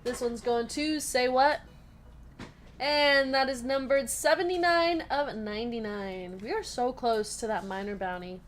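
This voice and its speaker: In an unhurried, fairly high voice, a woman hosts a live card break, calling out each card she pulls and reading chat comments. She's talkative and giggly, often laughing between the card calls.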